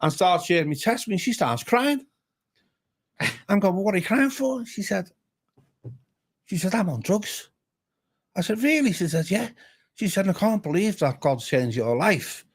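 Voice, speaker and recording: A man's voice: high-pitched, moderate pace, pauses often, breathy edge. A man with a Liverpool accent, a pastor telling a story as a guest, acting out each voice he quotes. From Liverpool area, England. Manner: animated, acts out each voice in his stories. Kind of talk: casual storytelling. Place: pub bar.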